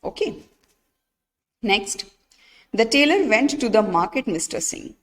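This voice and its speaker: A woman's voice: fairly high pitch, very animated, a little slow, a bit bright, big-room sound. A woman with an Indian English accent teaching an online English grammar lesson, explaining step by step and checking with her students.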